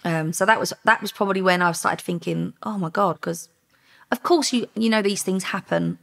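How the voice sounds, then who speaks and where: A woman's voice: lowish voice, moderate pace, gravelly. A woman in her thirties, a former undercover police officer, telling her story in a casual interview and acting out the quoted exchanges.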